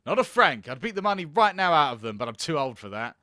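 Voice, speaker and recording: A man's voice: fairly high pitch, very animated, fast talker, bright, forceful tone, no room sound, clean studio sound. A man voicing a proud, stubborn old master locksmith who grumbles about never getting paid, in a video game. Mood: defensive grumbling.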